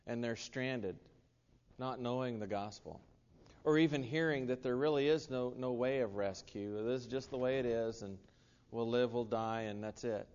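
An American man delivers an earnest sermon at a middle pitch, often restarting his sentences and dropping in asides. His voice carries a long hall reverb, and the sound is a little dull. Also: normal speed, a little mellow, clean tone. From United States. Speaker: preacher.

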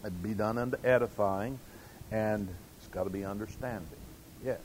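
This older male preacher has a lowish, slightly mellow voice and a moderate pace, captured in a low-quality recording with a little hiss or hum. His sermon unfolds as folksy storytelling with acted-out quotes.

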